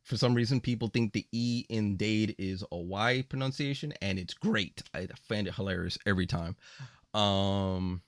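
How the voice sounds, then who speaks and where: A man's voice: on the low side, normal speed, no room sound. A man hosting a casual gaming podcast, joking with his guests and rattling off where to find the show. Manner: relaxed, joking, rattles off plugs. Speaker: podcast host. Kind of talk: casual chat.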